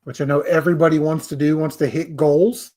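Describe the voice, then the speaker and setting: A man's voice: fairly high pitch, steady tone, fairly quick, a little mellow. A man hosting a casual live stream, rambling, swearing and making fun of himself. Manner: rambling, profane, self-deprecating. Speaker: livestream host.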